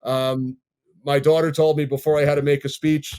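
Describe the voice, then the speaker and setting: Man in his fifties, sports broadcaster, from Long Island, measured storytelling, slightly high pitch. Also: little pitch movement, darkish tone, clean tone. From Long Island, New York. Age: 50s. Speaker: sports play-by-play broadcaster, guest. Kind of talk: podcast interview storytelling.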